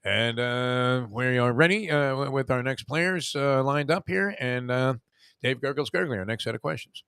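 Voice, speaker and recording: Bright dry-voiced radio host. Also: male voice, medium pitch, moderate pace, gravelly, smooth, no room sound. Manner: loose, joking, filler-heavy banter. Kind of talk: sports radio chat.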